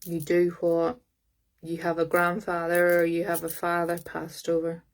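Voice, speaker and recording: A woman giving a live-streamed psychic reading over her phone, talking in a halting way as she searches aloud for words. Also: lowish voice, completely flat delivery. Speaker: psychic medium.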